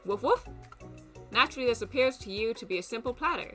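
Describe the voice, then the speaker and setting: A young woman streamer reads a dating game's narration in a playful, wry way. Her voice is bright and sits a little high, with a lively pitch range. Soft music plays faintly behind her. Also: racing. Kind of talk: reading a dating game aloud.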